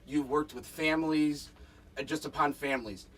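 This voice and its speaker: A man conducts a radio interview in a chatty, easygoing way. His voice is on the higher side and sits a little back from the microphone. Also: fairly even intonation, fairly bright tone, recorded from a distance. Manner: chatty, laughs along, quick interjections.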